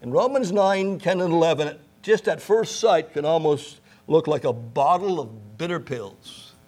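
A man's voice: fairly high pitch, measured pace, darkish tone. A man preaching a sermon, emphatic, repeating key phrases and asking rhetorical questions. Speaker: pastor.

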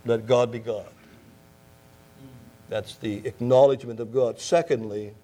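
A man's voice: medium pitch, steady tone, measured pace, pauses often, mellow. A man preaching a sermon, emphatic, repeating key phrases and asking rhetorical questions. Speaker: pastor.

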